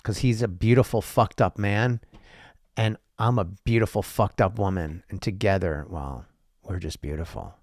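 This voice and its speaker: A man's voice: on the low side, normal speed, darkish tone, dry recording, clean studio sound. A man hosting a solo podcast monologue, rambling with profane, sarcastic asides and frequent restarts. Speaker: podcast host.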